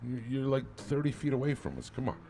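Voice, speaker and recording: A man co-hosting a podcast outdoors on a street, talking loudly and joking around in casual banter. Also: mid-range voice, very animated, fast, background noise. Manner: joking, teasing, loud. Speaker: podcast co-host.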